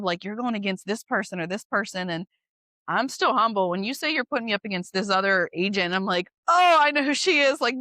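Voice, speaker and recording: A woman's voice: mid-range voice, sharp tone, dry recording. A woman real estate agent chatting as an interview guest, candid and driven, laughing easily as she talks. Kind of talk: casual interview chat.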